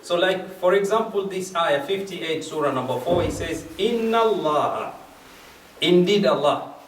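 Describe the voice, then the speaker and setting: The clip features a man's religious lecture at a majlis, where he explains verses step by step and repeats key phrases. He speaks on the high side at normal speed with fairly even intonation; slight background noise and echo come from a mosque or community hall, with the mic placed far off.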